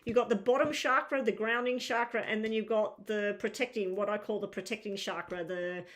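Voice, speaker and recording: A woman's voice: mid-range voice, steady tone, fairly quick. A woman giving a live tarot reading, chatty and reassuring, thinking aloud as she turns the cards. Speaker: tarot reader.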